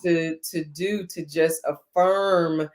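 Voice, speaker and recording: A woman's voice: low-pitched, fairly even intonation, slow pace. A woman hosting an interview on a video call, speaking earnestly and directly to her listeners with encouragement. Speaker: host.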